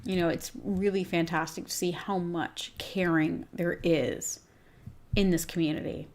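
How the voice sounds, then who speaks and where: A woman's voice: on the low side, fairly even intonation, unhurried, darkish tone. Teary woman hosting a raw livestream. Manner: raw, teary, candid, reads live comments aloud. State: teary-eyed. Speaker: host of a groomer business show. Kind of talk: emotional livestream talk.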